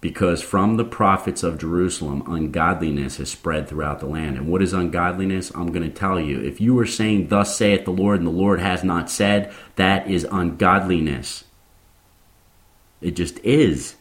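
A man's voice: low voice, moderate pace, few pauses. A man preaching a sermon, speaking informally to his listeners and growing impassioned as he goes. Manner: grows impassioned and fired up.

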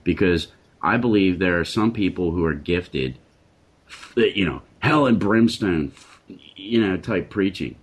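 A very deep-voiced man with a husky, rough-edged tone leads a Christian discussion. He talks in an emphatic, preacherly way and hammers his points home by repeating phrases. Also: measured pace. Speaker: Christian talk show host.

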